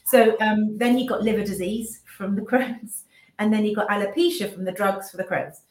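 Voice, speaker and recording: A woman's voice: medium pitch, moderate pace, darkish tone. Woman in her fifties, echoey room. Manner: emotional, restarts sentences, acts out remembered speech. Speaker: business owner and mother, interview guest. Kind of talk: candid personal account in an interview. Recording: roomy echo.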